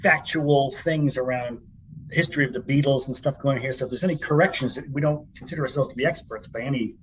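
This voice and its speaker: A man's voice: medium pitch, quick pace, slightly rough, muffled recording. A middle-aged man co-hosting a podcast from an office conference room, chatty and joking in casual chat. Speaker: podcast co-host. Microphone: laptop mic.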